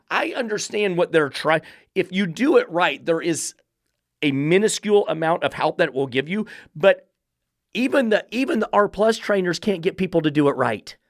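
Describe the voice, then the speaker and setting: A man's voice: normal speed, a bit bright, dry recording, clean studio sound. A man hosting a dog-training podcast, blunt, combative and profane in his commentary. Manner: blunt, combative and profane, mocking falsetto baby talk.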